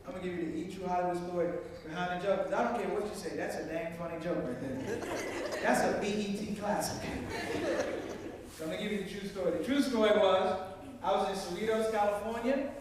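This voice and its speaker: A man from Washington, D.C., with an East Coast accent, doing animated stand-up storytelling for a live audience. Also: high-pitched, fast talker. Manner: animated, playful, acts out both sides of dialogue. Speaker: stand-up comedian. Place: university event hall, live audience. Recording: echoey hall, voice from far off, audience noise.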